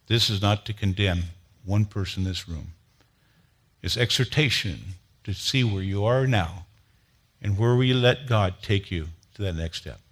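A man preaching a sermon, telling a story with lively rises in energy and dropping to a low, earnest tone to make his point. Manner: animated storyteller, grows loud and high when excited, then drops to a low earnest tone. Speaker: pastor.

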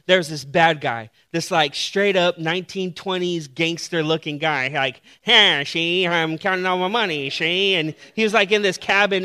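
A man delivers a sermon in a conversational, animated way. His voice is bright and sits a little high. He tells a story with playful sound effects and reads scripture in a softer, steadier tone. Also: clear, resonant tone. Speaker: pastor.

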